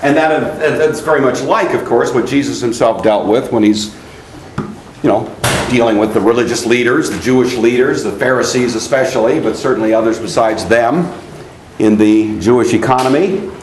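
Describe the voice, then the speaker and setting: A man's voice: medium pitch, normal speed. A male teacher giving a classroom lecture, putting questions to students and then explaining at length. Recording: echoey classroom with faint noise.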